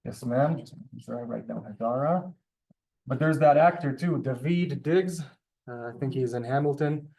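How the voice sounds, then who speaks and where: A man's voice: medium pitch, normal speed, gravelly, warm tone. A man teaching a classroom language lesson, explaining step by step with many ums and asides. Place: synagogue classroom.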